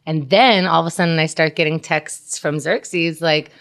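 Blunt woman with a lowish voice. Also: fairly even intonation, normal speed, fairly bright tone. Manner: blunt, outspoken. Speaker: podcast co-host. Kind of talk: casual chat.

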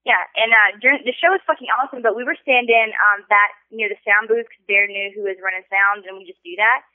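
Fast-talking woman caller on a phone line. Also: mid-range voice, dry recording. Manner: excitable, swears freely, intense storyteller. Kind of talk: casual call-in chat. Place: on a phone call.

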